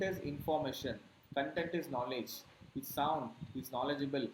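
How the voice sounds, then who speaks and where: A man's voice: medium pitch, a little fast, hardly any pauses, echoey room, noisy background. A man teaching digital marketing in a classroom, explaining through rhetorical questions and frequent checks like "correct?". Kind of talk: classroom lecture.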